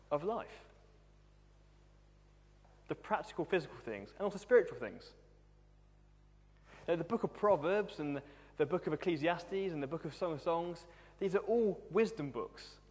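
Young man, sermon, higher voice, wry self-deprecating humor, long hall reverb. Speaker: preacher.

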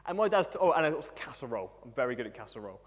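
A man's voice: medium pitch, big pitch swings, rapid-fire. A young man in his twenties preaching a sermon, humorous and self-deprecating as he tells stories. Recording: long hall reverb.

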